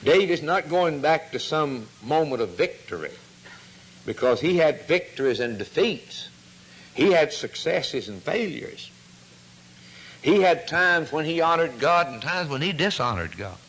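A man preaching a sermon, fervent and full of rhetorical questions, often dropping to a hushed tone. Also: fairly high pitch, big pitch swings, measured pace, husky, poor audio.

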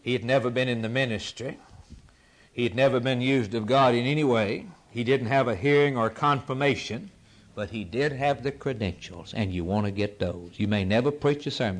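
A man preaching a sermon in a rhythmic, repetitive cadence, swinging between near-shouts and hushed whispers. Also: medium pitch, normal speed. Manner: impassioned, rising to near-shouts and dropping to whispers.

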